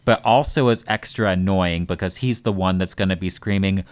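A man's voice: low voice, moderate pace, no room sound. A man co-hosting a podcast in casual chat, blunt and critical, swearing freely and wandering into asides. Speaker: podcast co-host.

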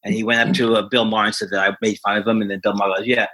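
A comedian, a man, telling a rambling, self-deprecating story with many halting restarts. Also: on the low side, flat delivery, sharp tone, slightly rough. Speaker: stand-up comedian, guest. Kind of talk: anecdotal storytelling.

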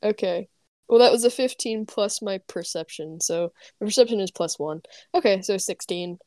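A woman playing a tabletop game, chatty and quick to giggle. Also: mid-range voice, darkish tone, dry recording. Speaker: player.

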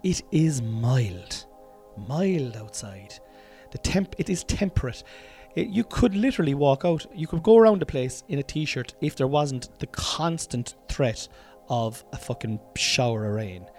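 A man's voice: fairly high pitch, moderate pace, few pauses, darkish tone, soft background music. An Irish man hosting a casual solo podcast from a room at home, rambling along, cutting himself off mid-sentence and swearing freely. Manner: rambling, self-interrupting, sweary and chatty. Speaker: podcast host.

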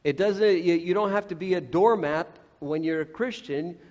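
A man's voice: high-pitched, moderate pace, a little mellow. A man preaching a sermon, earnest and direct, who acts out the voices he quotes. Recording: echoey hall, dull lo-fi sound.

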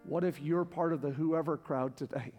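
A man preaching a sermon as pastor to a congregation in a church, passionate and repetitive, building to near-shouting. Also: on the high side, fairly even intonation, moderate pace. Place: church sanctuary with live congregation. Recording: long hall reverb with faint music.

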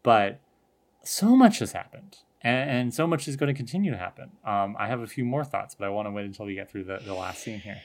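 A woman co-hosting a casual podcast who reflects on a TV episode in a measured, hesitant way. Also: a bass voice, expressive. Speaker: podcast co-host. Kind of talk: casual chat about a TV episode.

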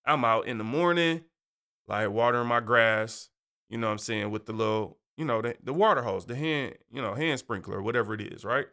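A man hosting a show, telling a story in a casual, animated, slangy way and laughing often. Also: mid-range voice, fairly quick. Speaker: podcast host.

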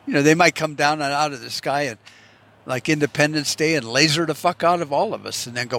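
A man's voice: fairly high pitch, brisk, sharp tone. A man giving a rambling, casual monologue, full of swearing and rhetorical what-if questions. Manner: profane, musing, rhetorical what-ifs. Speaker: vlogger.

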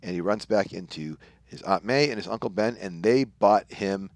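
A man's voice: lowish voice, moderate pace, dry recording, studio quality. Man retelling a comic story. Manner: retells the story, briefly acting out lines. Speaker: podcast co-host. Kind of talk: casual comic book discussion.

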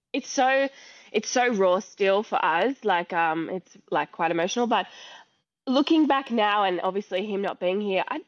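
A woman speaking as a podcast guest, reflective and halting, with many fillers. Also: medium pitch, expressive, dry recording, lo-fi sound. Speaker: podcast guest, academy owner. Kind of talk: casual conversation.

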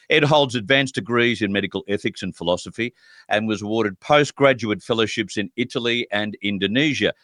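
A man's voice: medium pitch, a bit bright, no room sound, clean studio sound. A man hosting political talk radio, speaking emphatically and indignantly. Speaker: radio talk show host.

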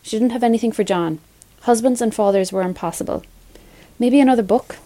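A woman reads a story aloud in a measured, clear voice at a middle pitch. The sound is dry and close, with no room around it. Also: warm tone, no echo. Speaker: reader. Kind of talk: storybook reading.

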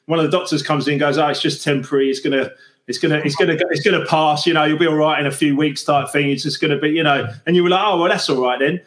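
Guy hosting an interview, lots of "you know", high-ish voice, echoey room. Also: steady tone, rapid-fire, a bit bright. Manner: rambling, filler-heavy questions. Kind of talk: podcast interview.

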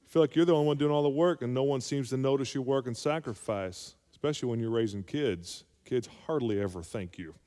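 Male pastor, sermon, call-and-response, emphatic peaks, mid-pitched voice, long church reverb. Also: fairly quick, few pauses, warm tone.

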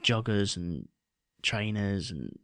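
A man, chatting casually as a podcast co-host in a wry, relaxed way, often trailing off and restarting. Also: on the low side, slow, no room sound. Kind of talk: casual chat.

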